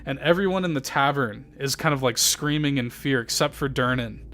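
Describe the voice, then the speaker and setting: A man's voice: mid-range voice, fairly quick, a bit bright, a little hiss or hum. A man running a tabletop game as game master, narrating loosely with many fillers and casual swearing.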